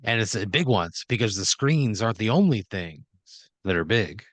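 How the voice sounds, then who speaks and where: A man's voice: fairly low pitch, lively intonation, normal speed, a bit bright, no echo. A man hosting a comedy podcast, telling an improvised story in a rambling way full of "like" and "you know". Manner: rambling, filler-heavy scene-setting with acted-out quotes. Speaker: podcast host.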